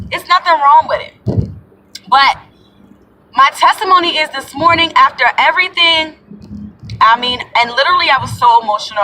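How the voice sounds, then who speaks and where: A woman's voice: on the high side, pushed and bright, distant mic, a little hiss or hum, low-quality recording. A young adult woman giving an earnest, rambling spiritual talk to her viewers, calling them y'all and sis. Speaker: spiritual vlogger. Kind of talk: casual spiritual talk to camera.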